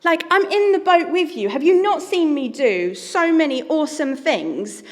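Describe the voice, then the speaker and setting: A woman's voice: high voice, lively intonation, unhurried, gravelly, long reverb tail, pitched above the performer's own voice, full character voice. A woman voicing God as a patient, reassuring male figure in a sermon retelling.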